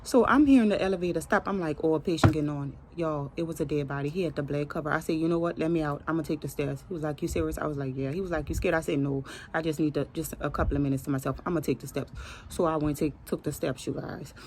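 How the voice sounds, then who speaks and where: A woman's voice: low-pitched, quick pace, noisy background. A young adult woman, a pharmacy technician, telling a personal story to her viewers in an earnest, emotional way, calling them y'all. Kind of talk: casual storytelling to camera.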